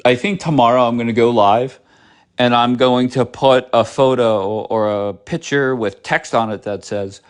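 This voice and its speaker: Man, live-stream host, blunt, sarcastic, swears freely, middle-pitched voice. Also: fairly even intonation, measured pace, smooth. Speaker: livestream host. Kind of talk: casual live-stream chat.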